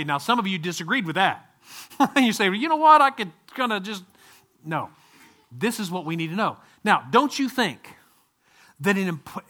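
A middle-aged man preaching a sermon in a conversational, animated way, with asides to his listeners. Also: sits high.

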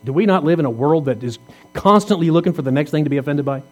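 A man's voice: fairly high pitch, lively intonation, quick pace, faint music behind. A man in his fifties, a pastor preaching a sermon in a conversational way, asking rhetorical questions and teasing the congregation. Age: 50s. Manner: jokes and teases the congregation.

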